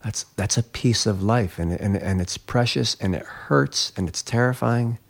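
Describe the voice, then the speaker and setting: A man's voice: fairly low pitch, moderate pace, gravelly. A man, a glassblower and interview guest, telling a personal story in an earnest, reflective way that livens up when he retells events.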